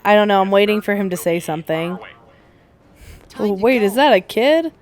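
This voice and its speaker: Animated and medium-pitched, a woman talks at a normal pace. She's one of the hosts of a gaming podcast, casually chatting over a game playthrough and recounting stories with performed quotes.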